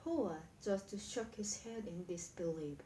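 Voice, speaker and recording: A woman with a Korean accent reading an English book aloud slowly and carefully, stumbling now and then. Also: on the low side, warm tone, roomy sound, a little hiss or hum, poor audio. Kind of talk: slow read-aloud practice of a book.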